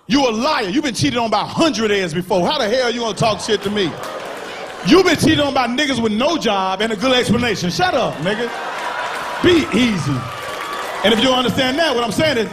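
A man doing a stand-up comedy set on a stage, loud and animated, shouting punchlines and acting out characters. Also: extremely high pitch, a little fast. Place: comedy stage before a live audience. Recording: live show with crowd noise. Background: audience laughter.

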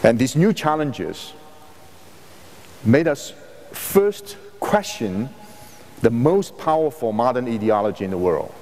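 A man giving an academic lecture in a measured, halting way, often rephrasing mid-sentence. His first language is Chinese. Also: medium pitch, animated, a little mellow. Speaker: university lecturer. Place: lecture hall. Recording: reverberant lecture hall recording.

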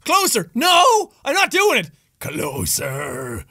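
High, excitable shouting man gaming. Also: measured pace. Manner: loud, shouting, swearing, jokey. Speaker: gaming video host. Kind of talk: excitable let's-play commentary. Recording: noisy recording.

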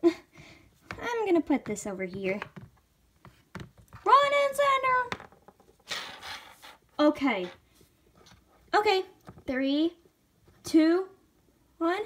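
A woman's voice: sits high, very animated, slow pace, long pauses, a little mellow, slight background noise. A woman in a playful, casual fan video, chatting between cartoon character impressions.

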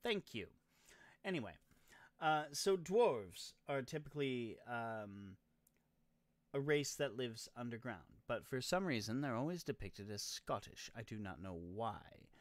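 A man's voice: medium pitch, expressive, a little slow, no room sound. A male host giving rambling, sarcastic let's-play commentary, swearing casually.

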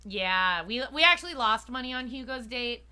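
A woman streamer reads a dating game's narration aloud with a playful, joking edge, dropping her own asides between lines. Her voice is bright and sits fairly high. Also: animated, normal speed, clear, resonant tone. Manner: playful, jokey, reading narration. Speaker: game streamer. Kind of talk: reading a dating game aloud with commentary.

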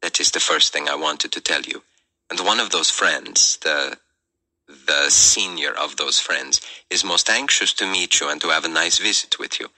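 A man voicing an excited woman contact who speaks in an unusually formal, cryptic manner. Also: rumbling low, moderate pace, heavily acted, rough recording.

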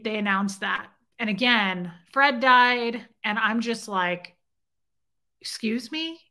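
This middle-aged woman hosts a casual livestream, bluntly telling a story with some swearing and pausing to greet viewers in chat. Her mid-range voice is bright and forceful.

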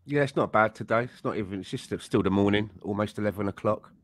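A man from Canada, co-hosting a podcast and talking through a match in a measured, thoughtful way. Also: on the low side, no room sound. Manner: measured, thoughtful, hesitant with fillers. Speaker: podcast co-host. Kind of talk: casual chat, match analysis.

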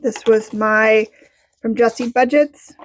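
A woman budgeting vlogger chatting casually as she counts cash, bubbly and excitable, talking to herself as she goes. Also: fairly high pitch, slow, slight background noise. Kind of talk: casual vlog chat while counting cash.

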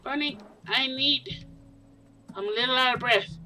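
Woman gamer, high voice, bright tone, playful in-character chatter, doting baby talk. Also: measured pace, distant mic. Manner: doting, sing-song baby talk to her in-game young. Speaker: gamer playing as a mother animal.

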